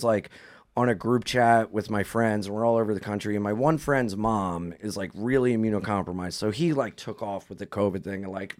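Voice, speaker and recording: Male host, average pitch, casual storyteller, hesitant and filler-prone. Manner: rambling, filler-heavy, hesitant. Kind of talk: casual chat.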